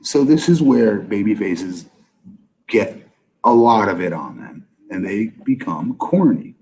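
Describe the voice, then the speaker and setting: A man, a podcast guest, talking casually and bluntly about wrestling, often exasperated and quick with asides. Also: fairly low pitch, animated, warm tone, a little hiss or hum, low-quality recording. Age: older. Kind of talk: casual wrestling review chat.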